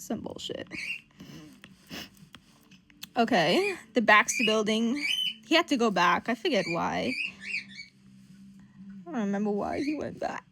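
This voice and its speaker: A woman's voice: mid-range voice, sing-song, measured pace, vocal fry, pauses often, noisy background. A woman giving casual, profane, chatty commentary while reading comics aloud. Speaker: comic reader.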